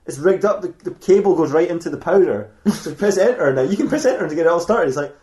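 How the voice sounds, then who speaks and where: A man's voice: a little high, lively intonation, fast talker, a little mellow, roomy sound. A man hosting a comedy podcast, rambling through an improvised story with crude jokes. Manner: rambling, laughing, playfully crude. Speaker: podcast host.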